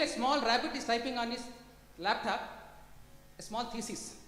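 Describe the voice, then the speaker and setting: High-voiced Indian English woman in a hall. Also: normal speed, a bit bright. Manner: questioning the audience, addresses them as sir. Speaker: industry guest speaker. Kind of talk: conference talk to placement officers. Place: large conference hall. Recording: echoey hall with long reverb.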